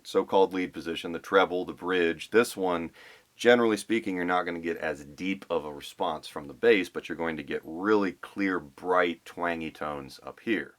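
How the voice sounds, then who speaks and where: A man's voice: deep voice, moderate pace, fairly bright tone. A man explaining a guitar pickup swap in a casual, thinking-aloud way with restarts and fillers. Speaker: guitar restorer.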